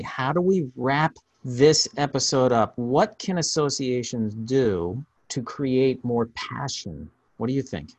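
A man hosting a podcast, telling stories in a casual, animated way with frequent restarts. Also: medium pitch, no room sound. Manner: storytelling, animated, restarts often. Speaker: podcast host.

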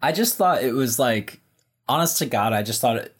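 A man's voice: medium pitch, lively intonation, normal speed, husky. A man cohosting a podcast, wry in casual chat, swearing and trailing off. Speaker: podcast co-host.

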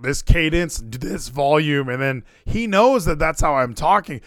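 A man co-hosting a casual streamed chat, excitable and rising to near-yells. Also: a little high, measured pace, few pauses, no echo, clean studio sound. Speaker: podcast co-host.

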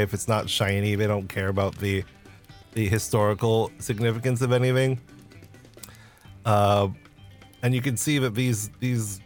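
Man narrating as game master, casual, loose, faint background music. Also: on the low side. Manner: casual, with fillers and restarts.

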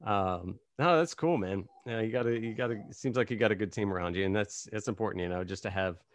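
A man's voice: fairly low pitch, fast talker, no room sound. A man hosting a casual podcast conversation, telling rambling, self-deprecating stories. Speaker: podcast host.

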